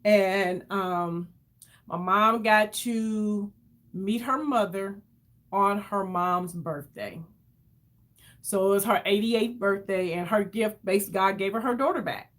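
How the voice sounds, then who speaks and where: A woman telling an emotional story to her viewers in a casual, animated way, calling them y'all and acting out what others said. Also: mid-range voice, takes it slowly. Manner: animated, addresses viewers as y'all, acts out quoted voices. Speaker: vlogger.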